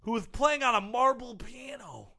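A man in a comedic talk segment, rambling through gossip with deadpan jokes. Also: extremely high pitch, normal speed. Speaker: comedy panel guest. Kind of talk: comedic improvised banter.

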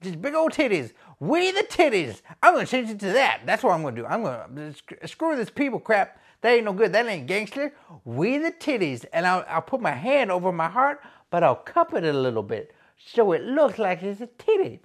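A man's voice: high voice, huge pitch swings, moderate pace, pitched above the performer's own voice, full character voice. A man voicing a crude, boastful male wrestler who poses as a gangster, talking with swaggering slang in a comedy sketch. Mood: cocky.

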